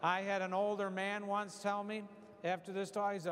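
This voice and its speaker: Man in his sixties, priest, folksy humorous homily, high-pitched, big reverberant hall. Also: flat delivery, normal speed, fairly bright tone, smooth. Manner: folksy, joking storyteller. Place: church hall.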